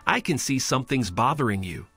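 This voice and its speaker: A man reading as a gentle, courteous homeless man. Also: mid-range voice, expressive, fairly quick, breathy edge, no room sound, full character voice. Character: kind, polite homeless man, adult.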